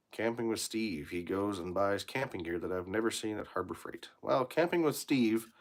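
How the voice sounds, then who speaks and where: Low-voiced mechanic, blunt and profane. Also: male voice, a bit bright. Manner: blunt, swears freely, rambling shop talk. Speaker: mechanic livestreaming from his shop. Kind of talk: casual live-stream chat, reading viewer comments. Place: his workshop.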